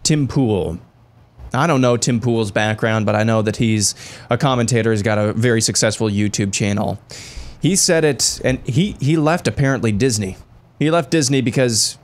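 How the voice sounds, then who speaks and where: A man co-hosting a talk radio show who speaks in a wry, relaxed way. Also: mid-range voice, normal speed. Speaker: co-host.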